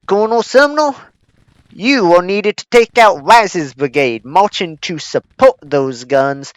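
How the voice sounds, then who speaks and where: A man putting on a pompous male army commander with a Southern US accent, issuing formal orders in a booming, theatrical way. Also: lively intonation, slow pace, clean tone, no echo. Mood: commanding. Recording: slightly dull lo-fi recording.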